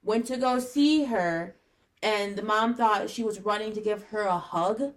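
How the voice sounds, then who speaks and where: A woman's voice: mid-range voice, unhurried. Blunt young woman rambling casually. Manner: blunt, rambling, swears freely. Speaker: podcast co-host. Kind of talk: casual chat.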